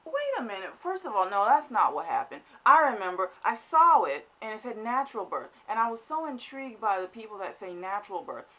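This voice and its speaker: Animated woman telling a comic story. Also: mid-range voice. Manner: animated, exaggerated, mock-dramatic. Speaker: vlogger. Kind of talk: comedic storytelling vlog.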